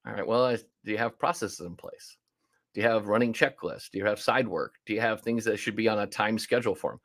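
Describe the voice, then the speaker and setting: A man's voice: on the low side, fast talker, a bit bright. A man leading an online workshop as a restaurant coach, talking in a conversational, punchy way and acting out calls with clients.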